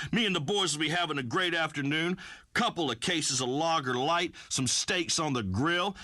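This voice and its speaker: An actor playing a brash, folksy redneck farmer who hosts a talk radio show, blustering through rambling pronouncements. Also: male voice, fairly high pitch, pushed and bright, no room sound, studio quality. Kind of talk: comic talk radio acting.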